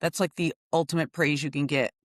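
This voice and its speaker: A middle-aged woman co-hosting a podcast, telling stories in a casual, animated way and laughing often. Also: sits low, fairly quick, no echo, studio quality. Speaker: podcast co-host. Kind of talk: casual conversation.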